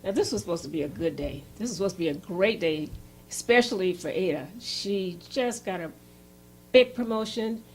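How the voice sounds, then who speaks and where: A woman presenting a relationship workshop who tells an example story in a lively, animated way. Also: fairly low pitch, moderate pace, slight background noise. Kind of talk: storytelling lecture.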